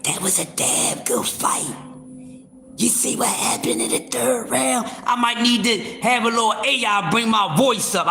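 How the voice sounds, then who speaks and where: A man hosting a casual boxing livestream, talking loudly with lots of profanity and restarts. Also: high voice, roomy sound. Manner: loud, profane, animated, with repeated fillers and restarts.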